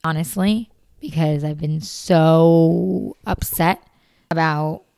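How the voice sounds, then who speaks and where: A woman's voice: low-pitched, steady tone, slow pace, gravelly, mellow. A young woman, a new mom, talking casually and candidly to camera about being exhausted, rambling with lots of fillers and restarts. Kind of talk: casual confessional vlog.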